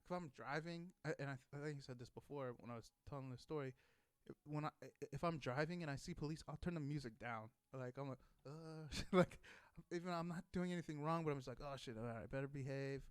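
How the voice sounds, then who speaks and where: A man's voice: a little high, quick pace, clean tone, dry recording. A young adult man telling a rambling, profane story in a casual way, with many restarts. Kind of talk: casual anecdote.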